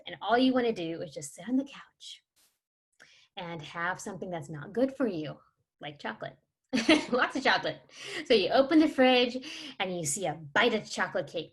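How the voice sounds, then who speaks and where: A woman's voice: on the low side, animated, fairly quick. Chatty woman leading a parenting workshop. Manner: chatty, many fillers, laughs and acts out scenes. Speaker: workshop presenter.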